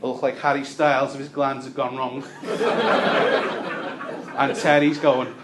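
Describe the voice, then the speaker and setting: Liverpudlian stand-up comic at a gig. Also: male voice, mid-range voice, fairly even intonation, slow, long pauses, noisy background. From Liverpool, England. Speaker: stand-up comedian. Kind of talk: stand-up set.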